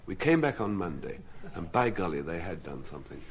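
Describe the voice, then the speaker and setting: Animated man spinning a comic yarn. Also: low-pitched, fast, few pauses, husky. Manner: animated, self-mocking storyteller. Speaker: comedy panelist. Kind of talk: comic story told to a studio audience. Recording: 1970s radio broadcast with audience laughter. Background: studio audience laughing.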